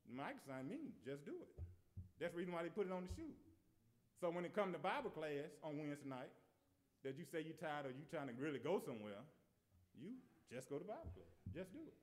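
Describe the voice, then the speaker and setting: A man's voice: on the high side, very animated, brisk. A man preaching a sermon, earnest, often repeating and restarting his words.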